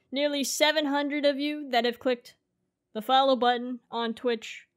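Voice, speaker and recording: 22 yr old girl streamer rambling at her desk mic, kinda high voice, laughs a lot. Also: sharp tone. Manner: rambling, laughs often, fillers like "like". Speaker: streamer and content creator. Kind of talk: casual birthday vlog to her future self.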